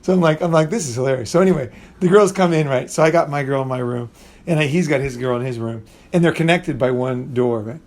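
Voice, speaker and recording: Fast and darkish in a mid-range voice, this middle-aged channel host spins a meandering, foul-mouthed tale in casual conversation. He keeps restarting sentences and performs other people's lines.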